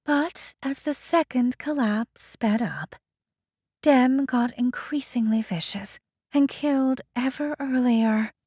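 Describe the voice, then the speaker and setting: Woman voicing a soft-spoken preachy priestess. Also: high-pitched, breathy edge, no echo, studio quality, pitched above the performer's own voice, heavily acted. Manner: soothing, measured, preachy. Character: calm woman priest official, smooth and condescending. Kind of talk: audiobook character voice.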